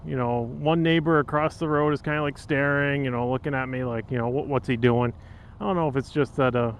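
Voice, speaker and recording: A man in his thirties talks to the camera from his motorcycle, telling a story in a chatty, rambling way full of fillers. His voice sits a little high. Wind and road noise roar around the helmet mic. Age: 30s. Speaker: motovlogger. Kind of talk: casual storytelling vlog. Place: outdoors on a windy road, riding a motorcycle. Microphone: helmet-mounted action camera mic. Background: wind and engine noise.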